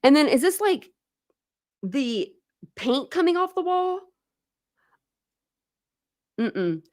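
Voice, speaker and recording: A woman's voice: sits high, very animated, slow pace, darkish tone, no room sound, studio quality. A young adult woman from the United States hosting a casual true crime live stream, chatting and answering viewer comments. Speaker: true crime channel host.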